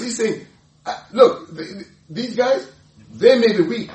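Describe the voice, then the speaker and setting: A man preaching a sermon, emphatic and animated, often laughing and repeating words as he explains a passage. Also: high-pitched, normal speed, roomy sound, recorded from a distance, low-quality recording. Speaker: pastor.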